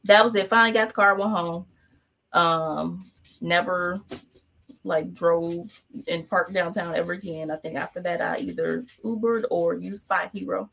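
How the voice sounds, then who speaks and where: A woman's voice: on the low side, unhurried, vocal fry. Chatty woman painting and telling stories. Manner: chatty, animated, acts out quoted voices. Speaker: painting instructor. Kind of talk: casual storytelling while painting.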